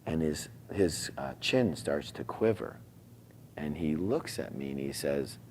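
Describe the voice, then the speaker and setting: A man in his forties telling an emotional personal story, acting out the dialogue and dropping into hushed asides. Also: extremely low pitch, animated, measured pace, slight background noise. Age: 40s.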